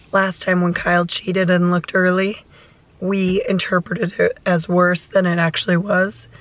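A woman in her thirties with a hoarse voice, talking softly and a little anxiously in a casual vlog. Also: fairly low pitch, low-quality recording. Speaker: vlogger mother.

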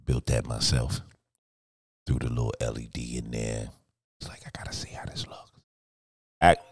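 A man hosting a casual live stream, talking in an animated, profane way that swings from shouts to mutters. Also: very deep voice, normal speed, slightly rough, no echo. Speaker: streamer and host.

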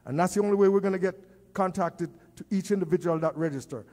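A man giving church announcements, slow and repetitive, dropping in praise phrases and repeating key dates for emphasis. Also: sits high, dark tone. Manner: frequent praise interjections. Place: church sanctuary. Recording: reverberant church hall.

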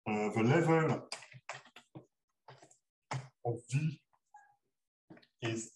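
A man giving a math seminar lecture, halting with many fillers and restarts. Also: medium pitch. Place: lecture room. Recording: echoey lecture hall, mic far off, noisy.

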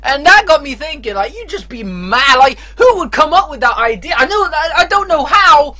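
A man's voice: extremely high pitch, sing-song, normal speed, sharp tone. A man giving foul-mouthed, rambling commentary while playing a horror game, breaking into screams when startled. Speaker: let's play commentator. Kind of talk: gameplay commentary.

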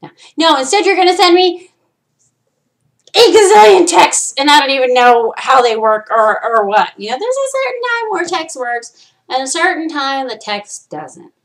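A woman hosts her own podcast alone, ranting with plenty of swearing. Her voice sits a bit high, and she lurches from loud, exasperated bursts down to low, muttered asides. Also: moderate pace. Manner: animated, profane, swings between loud outbursts and low asides. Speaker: podcast host. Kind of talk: solo ranting monologue.

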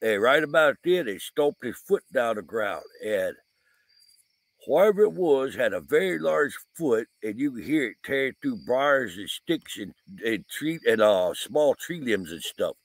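A man's voice: mid-range voice, big pitch swings, measured pace, dry recording. A man with a drawl talks casually outdoors at night by his van, drifting through a story with lots of "uh" and "um." His voice sits mid-range and sounds close and dry. Crickets and insects chirp behind him. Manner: rambling, folksy storytelling with frequent fillers. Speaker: vlogger, paranormal investigator.

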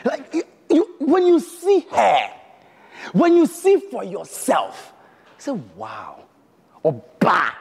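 A man hosting a quiz show, playful and shouting out his introductions. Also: very high-pitched, huge pitch swings, takes it slowly, vocal fry, slightly rough. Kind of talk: hyped game show hosting. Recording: reverberant hall with live audience and noise.

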